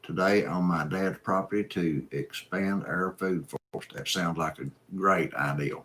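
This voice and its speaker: A man's voice: low-pitched, measured pace, a bit bright, a little hiss or hum. A man hosting a live stream, reading viewer comments and chatting in an easygoing, folksy, rambling way. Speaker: host.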